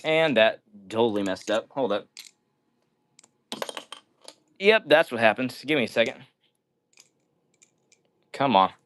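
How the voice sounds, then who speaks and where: A man's voice: medium pitch, animated, moderate pace, fairly bright tone. A man hosting a casual live stream, reading viewers' comments aloud and answering them in an upbeat way. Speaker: livestream host.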